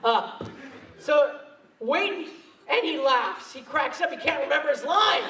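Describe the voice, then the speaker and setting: A man's voice: very high-pitched, animated, moderate pace, distant mic, background noise. A man speaking on stage at a convention, telling laughing, self-mocking anecdotes into a handheld mic, recorded in an echoey hall from afar. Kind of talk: storytelling convention talk.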